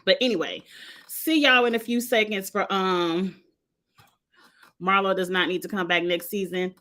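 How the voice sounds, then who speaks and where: At a moderate pace and mid-range pitch, a sassy woman who reviews reality TV launches into a casual recap rant. Her commentary on the show is lively and exasperated.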